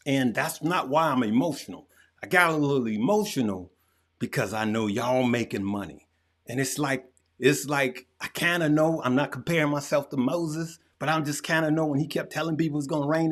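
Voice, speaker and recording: An energetic man hosts a live stream and calls his viewers "good people" in a folksy manner. He talks right at the audience and keeps the hype going. He stresses his points by saying them again and again. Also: mid-range voice. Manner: repeats phrases for emphasis. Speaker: host of a live investing show. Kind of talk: hyped-up live stream chat.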